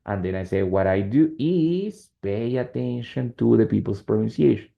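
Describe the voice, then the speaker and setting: A man's voice: mid-range voice, moderate pace, creaky. Man teaching English grammar. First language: Spanish. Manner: switches between English and Spanish, checks in with students often. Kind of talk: online class explaining grammar. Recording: slightly dull lo-fi sound.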